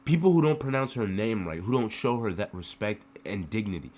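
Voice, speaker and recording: A man's voice: fairly low pitch, big pitch swings, brisk, a little mellow. A man from the United States giving an emotional political rant to the camera, full of rhetorical questions and repeated phrases.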